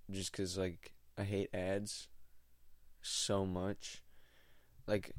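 A laid-back young man talks in a loose, wandering monologue, full of slang and side thoughts. His voice sits on the low side, and the sound is close and dry with no room echo. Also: darkish tone, clear, resonant tone. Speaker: stand-up comic doing open mics. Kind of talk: casual rambling monologue.

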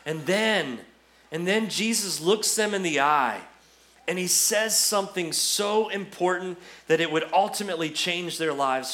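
A man's voice: sits high, pushed and bright. A man giving an Easter sermon as pastor, conversational and storytelling with touches of humor.

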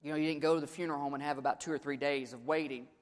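A man preaching an Easter sermon in a church, swinging between quiet storytelling with joking asides and dramatic shouted build-ups. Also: fairly high pitch, fairly even intonation, racing, long reverb tail. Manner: humorous asides. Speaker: pastor.

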